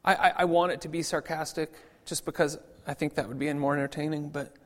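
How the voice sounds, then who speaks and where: A man's voice: on the high side, fairly even intonation, a little fast. A man preaching a sermon as a pastor, in a conversational way with frequent repeated restarts. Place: church sanctuary. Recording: long church reverb.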